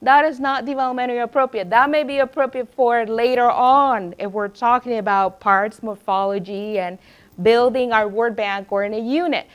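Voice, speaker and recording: A middle-aged woman educator speaking to a room of teachers in a slightly higher voice. She tells classroom anecdotes with lively energy, acting out the people she quotes. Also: normal speed, smooth. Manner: lively storyteller who acts out quoted voices. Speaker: educator presenting at a teacher training. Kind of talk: presentation to teachers.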